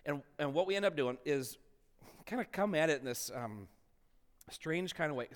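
A pastor preaching a sermon, his voice sitting high for a man. He tells stories in an animated, self-deprecating way. The sound carries the long reverb of a large church sanctuary. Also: normal speed.

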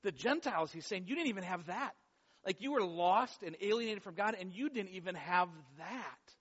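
A man with a high voice preaches in a lively, conversational way, dropping playful asides between passages. The sound is a little dull, and his voice trails off into a long hall reverb, as from a church sanctuary. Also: normal speed, breathy edge. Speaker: pastor. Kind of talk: sermon.

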